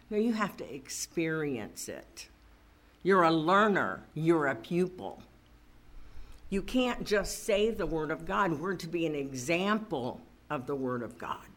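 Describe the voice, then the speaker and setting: A woman's voice: medium pitch, bright, forceful tone. A woman preaching a sermon, asking the congregation questions and building to fervent calls to press on. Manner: preaching with rising fervor and call-and-response questions.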